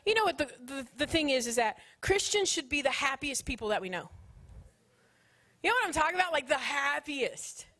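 A woman in her thirties preaching a sermon at a conference, animated and joking, with Southern phrasing. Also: sits high, fairly quick. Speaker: conference speaker.

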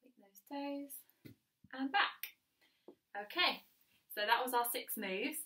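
A woman's voice: a little high, expressive, a little slow, long pauses, bright, forceful tone, distant mic. A woman with a Northern English accent leading a chair-based exercise class, upbeat and encouraging as she counts out the moves. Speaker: fitness instructor.

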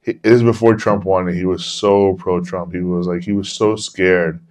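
Deep-voiced man swearing through candid stories. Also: fairly even intonation, normal speed, a little mellow. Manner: candid, profane, rambling. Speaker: podcast host. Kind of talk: casual storytelling chat.

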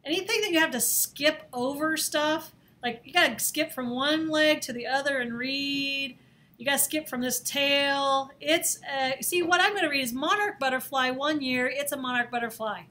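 A woman teaching a screen-recorded design software lesson, talking in a chatty, playful way and laughing at herself as she works. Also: high-pitched, moderate pace. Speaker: design instructor. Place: office or classroom.

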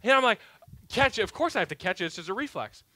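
A pastor in his thirties preaches with a high, bright voice, telling a self-mocking story. His delivery swings between loud, punchy lines and hushed, quiet asides. The sound is dry and close, with little room echo. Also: big pitch swings, very fast. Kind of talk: sermon. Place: church sanctuary.

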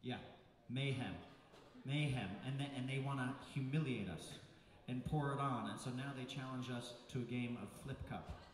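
A man's voice: medium pitch, normal speed. A man telling a comic story on stage to an audience, in a loose, profane, rambling way with lots of fillers. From United States. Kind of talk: live comedic storytelling. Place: large venue with live audience. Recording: echoey hall from far off with crowd.

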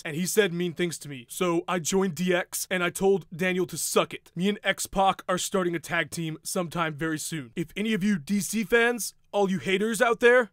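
A man playing a sulky, petulant champion fighter in a lower, quieter register than his usual voice. He mutters excuses and then snaps back with curt insults. It sounds like a dry, close-miked comedy sketch. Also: dry recording. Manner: mumbled apologies, snaps, repeats "respectfully".

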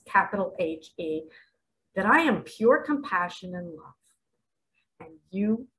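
A self-styled spiritual guide, a woman with a lowish voice, delivers a dramatic preaching monologue to camera in a rough recording. She poses rhetorical questions and swings between hushed asides and loud exclamations.

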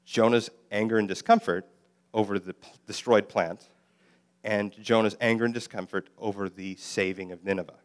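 A man's voice: fairly low pitch, normal speed. A man preaching a sermon as a guest speaker, explaining the Hebrew text with fillers and self-corrections and quoting lines in a livelier voice. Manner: voices God and Jonah in lively quoted lines.

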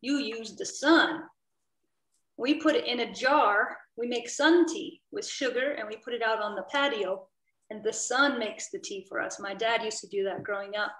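A woman from the southern United States runs an online workshop session, keeping it lively and playful as she keeps asking the group questions. Her voice sits high, and it comes over a video call from an echoey room. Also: normal speed. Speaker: workshop trainer. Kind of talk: interactive online teaching.

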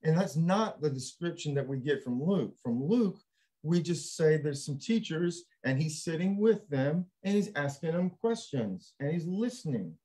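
A man with a fairly high-pitched voice hosts a casual panel discussion. He is animated and laughs easily, often slipping into acted-out quotes. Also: normal speed. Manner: animated, laughs while talking, acts out quotes. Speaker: panel host.

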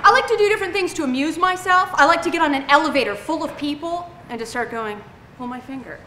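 A woman doing a stand-up comedy set on a club stage in an animated, self-mocking way, acting out scenes. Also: extremely high pitch, quick pace. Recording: echoey club room, faint hum.

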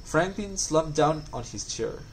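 Male storybook reader, calm and clear, slightly high voice, faint hiss. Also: measured pace, rough recording. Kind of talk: scripted narration.

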